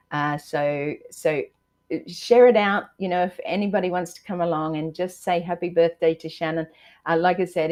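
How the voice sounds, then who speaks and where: An Australian woman in her sixties hosts a live stream and talks to her viewers directly. Her voice sits low, and she speaks in an encouraging way, reading out comments and filling her pauses with ums and uhs. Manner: warm, encouraging, many fillers, reads out viewer comments. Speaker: livestream host.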